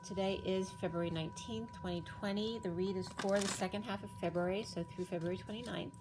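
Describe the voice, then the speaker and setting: A woman doing a casual tarot card reading, chatty and thinking aloud with fillers and self-corrections, her voice a little hoarse. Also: medium pitch, steady tone, quick pace, background noise. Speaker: tarot reader.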